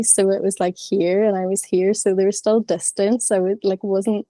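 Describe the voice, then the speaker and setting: A woman's voice: mid-range voice, level tone, normal speed, dark tone, no echo. A woman in her thirties sharing openly and chattily in an online class, with plenty of filler words. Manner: frank, chatty, many fillers. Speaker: class participant.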